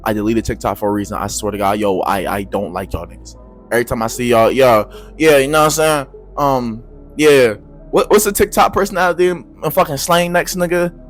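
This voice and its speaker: A young man giving a profane, slangy advice rant to camera, swinging between low mutters and loud shouts. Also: fairly quick, soft background music. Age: young adult. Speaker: vlogger.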